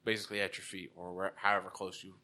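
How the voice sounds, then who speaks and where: Game master, male, very bright tone, halting and self-correcting, casual narration. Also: low-pitched, little pitch movement.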